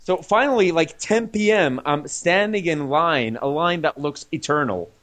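A man's voice: fairly high pitch, normal speed, a bit bright. A man with a slightly raised voice tells a story in loose, rambling chat. He fills gaps with "uh" and restarts his sentences, chuckling now and then. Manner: chuckles while talking. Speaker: comic artist telling a travel story. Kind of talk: casual podcast chat.

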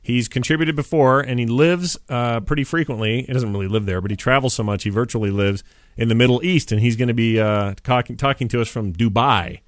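A man hosts a casual podcast, joking and a bit scattered as he loses track of his notes. His voice sits at a middle pitch and sounds dry and close, with no room echo. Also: brisk. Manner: joking, scattered, self-deprecating. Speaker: podcast host.

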